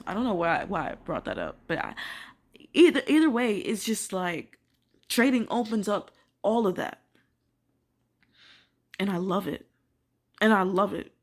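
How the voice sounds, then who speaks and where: A young woman ranting casually to camera, filling her talk with "like" and swearing, swinging from quiet musing to loud disbelief. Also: fairly low pitch. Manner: emphatic, swears, many filler "like"s. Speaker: vlogger.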